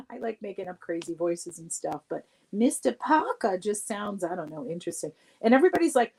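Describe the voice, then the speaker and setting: Woman guest, casual livestream storyteller, laughs often, animated. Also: medium pitch, normal speed, creaky, poor audio.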